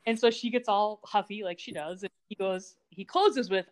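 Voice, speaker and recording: A woman's voice: a little high, normal speed, hardly any pauses. A woman co-hosting a podcast, recapping a TV episode in casual chat with sarcastic asides and frequent laughs. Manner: animated, sarcastic, laughs often. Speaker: podcast co-host recapping a TV show.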